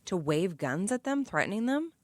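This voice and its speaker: A woman's voice: medium pitch, very animated, moderate pace, a little mellow, no room sound. A woman co-hosting a casual true-crime podcast, giving emphatic opinions and personal stories. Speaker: podcast co-host.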